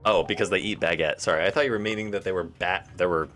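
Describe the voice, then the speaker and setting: Deep-voiced joking male streamer. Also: fast, a bit bright. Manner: joking, thinks aloud and answers chat. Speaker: game streamer. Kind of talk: casual live-stream chat while playing.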